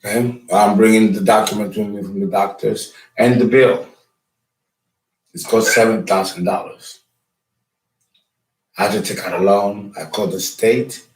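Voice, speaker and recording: A man's voice: lowish voice, poor audio. A man talking as an astrologer, rambling through a casual lecture with many fillers and restarts. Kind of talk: casual lecture and phone call.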